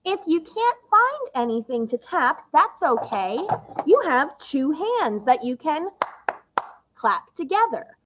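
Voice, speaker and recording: Slow, sing-song woman music teacher. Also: high-pitched, very animated, lo-fi sound, noisy background. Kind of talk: recorded lesson for young children.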